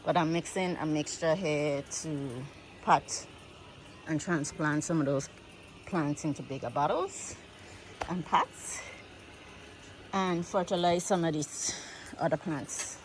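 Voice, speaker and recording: A woman vlogging casually outdoors on her farm, chatty and excitable, talking straight to her viewers from a handheld phone. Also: deep voice, slow pace, long pauses, background noise. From United States. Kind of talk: casual vlog narration while working.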